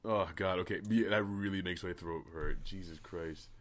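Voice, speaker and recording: A man with a fairly low voice co-hosting a casual podcast. He hesitates, restarts and swears freely as he gives his opinions. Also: moderate pace. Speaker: podcast co-host.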